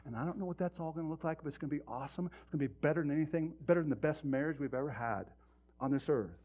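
A man's voice: a little high, rapid-fire. Man preaching on a muffled recording. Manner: direct, conversational preaching with rhetorical questions. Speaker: pastor. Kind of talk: sermon. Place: church sanctuary.

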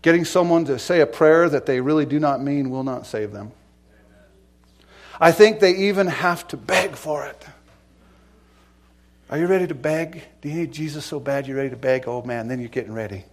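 A male pastor delivering a sermon in a slightly high voice. He is emphatic and earnest, jumping from loud declarations down to hushed, pleading questions that he repeats to drive them home. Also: normal speed.

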